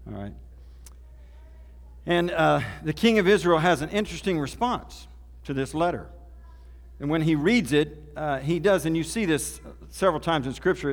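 A man from Oklahoma, preaching a sermon in a folksy, conversational storytelling way. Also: fairly high pitch. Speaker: pastor. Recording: reverberant hall.

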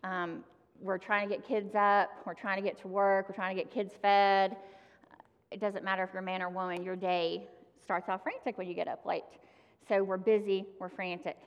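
A woman's voice: mid-range voice, flat delivery, moderate pace, smooth, dull audio. A woman giving a sermon, talking to the congregation in a conversational way and addressing them directly. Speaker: preacher. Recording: long hall reverb.

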